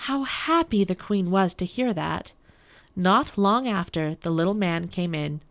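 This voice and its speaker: A woman from a public library reading a fairy tale aloud for radio in a calm, measured way. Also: lowish voice. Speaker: library storyteller. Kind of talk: storybook read-aloud for radio.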